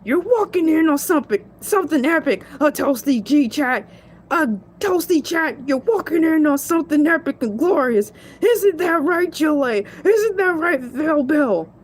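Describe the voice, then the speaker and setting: A woman voicing a cocky male shark who hosts a show, chatting playfully and bragging as he rambles. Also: sits high. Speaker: stand-in show host. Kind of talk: comedic solo character show.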